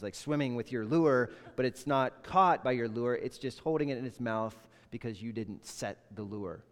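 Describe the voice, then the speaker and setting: A male pastor delivers a sermon in an easy, conversational way, acting out little scenes as he goes. His voice sits at an ordinary pitch for a man. Long reverb from a church hall trails after every phrase. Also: clear, resonant tone. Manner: conversational, animated storytelling.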